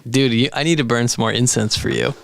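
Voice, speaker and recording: A man co-hosting a podcast, teasing his partner and throwing in quick reactions. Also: medium pitch, steady tone, creaky, slight background noise. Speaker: podcast co-host. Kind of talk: casual chat.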